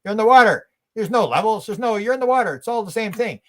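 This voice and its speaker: A man's voice: high-pitched, animated, fast talker, fairly bright tone, pitched above the performer's own voice. A man voicing a talking fish that scoffs in exasperation. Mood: exasperated. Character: incredulous talking fish, male.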